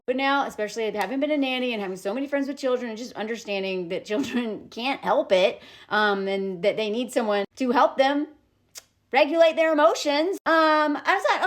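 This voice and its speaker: Animated indignant woman with a high voice. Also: a little fast. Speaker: vlogger. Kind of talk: opinionated commentary vlog. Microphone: self-recorded to camera.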